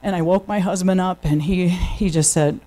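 Speaking at a normal speed in a lowish, steady, warm voice, a New York-accented woman shares her personal testimony at church. She tells it in a chatty storytelling style, with many fillers, restarts, and self-corrections, and the recording quality is low.

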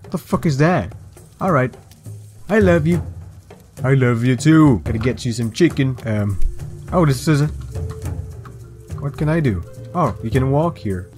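A young man in casual gaming commentary who turns the game into a playful mock story. His pitch swings widely as he jokes, and faint music plays under him. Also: expressive, moderate pace, pauses often, darkish tone. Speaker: gaming video host. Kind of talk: casual let's-play commentary.

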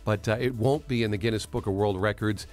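A man's voice: fairly low pitch, fairly quick, darkish tone, soft background music. A middle-aged man, co-hosting a radio show and telling stories in a rambling way with lots of fillers. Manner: chatty, rambling storyteller with many fillers. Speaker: radio co-host. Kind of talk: casual radio chat.

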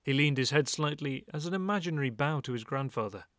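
A man narrating an audiobook in a calm, measured reading. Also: mid-range voice, no room sound, clean studio sound.

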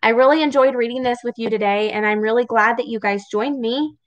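A woman reading a picture book aloud to children, slow, expressive and encouraging. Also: fairly high pitch, no room sound, low-quality recording. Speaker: storybook reader for children.

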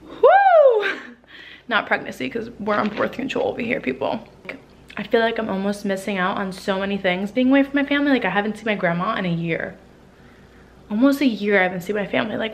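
A young woman from New Jersey chatting casually in a home vlog, a little out of breath, full of "like" fillers and swearing. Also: medium pitch. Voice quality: frequent "like" fillers, swearing, emotional. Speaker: lifestyle vlogger. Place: home living room.

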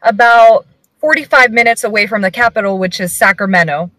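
A woman's voice: medium pitch, fairly quick, pushed and bright, dry recording, low-quality recording. A woman calling in to a live stream, friendly and explanatory. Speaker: call-in guest. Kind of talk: casual call-in chat.

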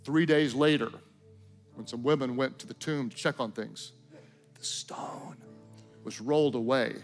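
A man preaching a sermon, swinging between loud emphatic declarations and hushed, intimate tones. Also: medium pitch, measured pace, faint music behind. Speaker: pastor.

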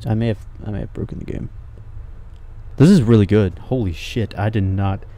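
A man's voice: fairly low pitch, normal speed, dark tone. A young man commentating a horror game as he plays, jumpy and swearing, whispering when scared and talking to the characters. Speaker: gaming streamer.

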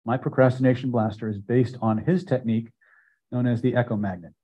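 An older man teaching a live self-help seminar, speaking emphatically and building phrases up loud before dropping to a hush. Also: mid-range voice, fairly even intonation, a little fast, husky, low-quality recording. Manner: emphatic, builds repeated phrases to loud peaks then drops quiet. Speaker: hypnosis and self-help trainer. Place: seminar room with audience.

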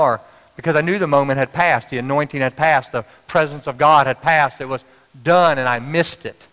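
A man's voice: a little fast, smooth. A man from North Carolina, preaching a sermon and telling a story animatedly, acting out his own inner voice. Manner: animated, acts out his own inner voice with sudden high jumps. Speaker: pastor. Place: church sanctuary. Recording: dull, reverberant church sound.

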